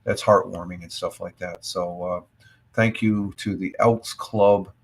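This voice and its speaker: A man's voice: deep voice, fairly even intonation, a little slow, gravelly, slightly rough. A middle-aged American man hosting a casual morning livestream, rambling with many fillers and restarts. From United States. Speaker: livestream host. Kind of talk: casual morning chat reacting to news.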